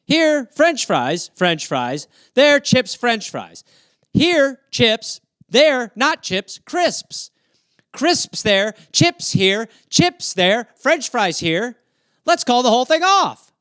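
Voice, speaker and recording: High, smooth-voiced comedian riffing playfully. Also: male voice, very animated, slow, a bit bright, dry recording. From Wisconsin, US. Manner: playful, jumps into silly character voices. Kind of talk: improvised comic riffing. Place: home, livestream. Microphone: phone or webcam.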